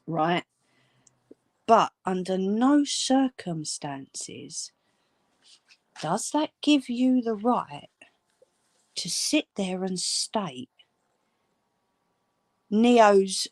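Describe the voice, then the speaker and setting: A woman's voice: medium pitch, very animated, drawn-out words, pauses often, no room sound, clean studio sound. A woman ranting angrily at viewers, swearing and scolding. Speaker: channel host. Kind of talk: angry direct-to-camera rant.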